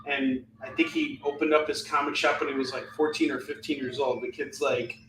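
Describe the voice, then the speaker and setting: A man hosting a live comic-selling stream, animated and ranting, often breaking into laughter. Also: medium pitch, a little fast, far from the mic, background noise. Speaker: live shopping show host selling comics. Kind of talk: live-stream sales chat and rant. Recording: echoey room.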